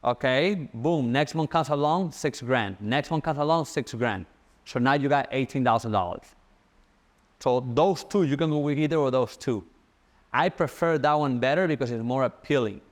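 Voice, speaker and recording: A young man giving a casual sales-coaching talk, fast and animated, repeating his key points. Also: medium pitch.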